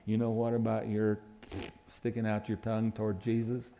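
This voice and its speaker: A man's voice: on the low side, monotone, normal speed, creaky, dark tone, muffled recording, a little hiss or hum. A man preaching a sermon who acts out quoted lines with sudden rises and dips in his voice.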